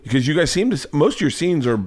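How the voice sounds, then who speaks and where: A man hosting a podcast, chatty and jokey, firing off quick questions in casual interview talk. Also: on the high side, sing-song, a little mellow. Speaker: podcast host.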